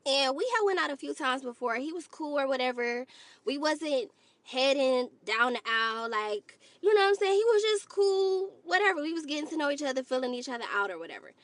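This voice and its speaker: A woman vlogger telling a story to her viewers in an animated, exasperated way. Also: sits high, fairly quick, no room sound. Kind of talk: storytime commentary to camera.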